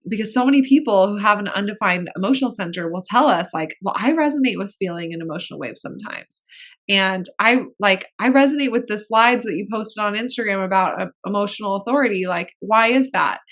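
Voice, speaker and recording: A woman's voice: medium pitch, animated, fairly quick, fairly bright tone. A pregnant woman co-hosting a podcast, talking in a frank, chatty way and swearing casually. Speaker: podcast co-host.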